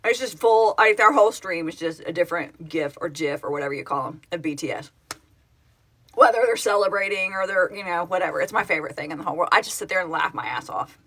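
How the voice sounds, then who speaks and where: Woman, middle-aged, from Oklahoma, bright voice, casual phone live stream, rambling and chatty. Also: on the low side, quick pace. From Oklahoma, United States. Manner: chatty, rambling, self-correcting, answers viewers aloud. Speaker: livestream host, project founder. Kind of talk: casual live-stream chat reading comments.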